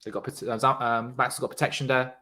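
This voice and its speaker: A young man calls a cricket match live for his stream viewers. He talks casually and reacts loudly to big shots. Between deliveries he chats with the people in his live chat. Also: mid-range voice, level tone, fast talker. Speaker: livestream cricket commentator. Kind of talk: casual live watchalong commentary.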